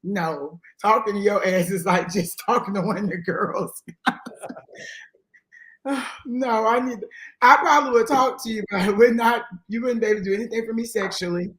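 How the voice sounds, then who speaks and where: A woman guest in casual chat with a raspy voice, brash and swearing freely, laughing loudly. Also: mid-range voice, normal speed.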